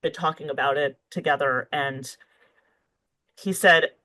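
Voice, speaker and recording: A woman's voice: low-pitched, measured pace, sharp tone, rough recording. Woman author thinking aloud. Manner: thinks aloud with fillers and restarts. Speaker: guest author. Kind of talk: conversational interview.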